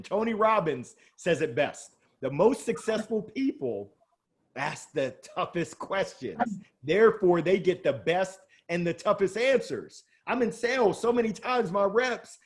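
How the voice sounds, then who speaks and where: High-voiced man, animated sales talk. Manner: lively, joking, emphatic. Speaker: sales speaker and guest. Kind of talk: energetic motivational interview talk.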